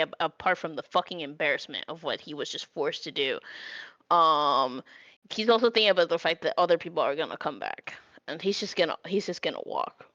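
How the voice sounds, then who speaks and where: Woman, tabletop player, lower voice, casual, indecisive, lo-fi dry mic. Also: fairly bright tone, no room sound. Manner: casual, indecisive, self-correcting. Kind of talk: tabletop game play. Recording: dull lo-fi mic.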